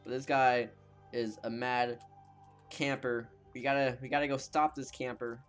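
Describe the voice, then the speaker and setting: A man's voice: mid-range voice, little pitch movement, a little slow, smooth, faint music behind. A man giving casual, sarcastic commentary over gameplay, often cracking up laughing as he jokes. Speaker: gaming channel host.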